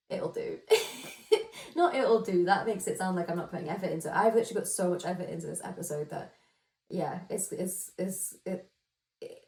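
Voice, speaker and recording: A woman's voice: on the low side, darkish tone, distant mic. A woman hosting a casual solo podcast, chatty and self-deprecating, giggling and rambling through asides. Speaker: podcast host. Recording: roomy echo, voice a bit off-mic.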